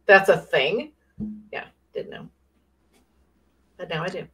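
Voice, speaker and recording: A woman's voice: medium pitch, animated, slow, a bit bright, slightly rough, faint music behind. A woman co-hosting a podcast, chatting casually and joking playfully. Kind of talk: casual chat.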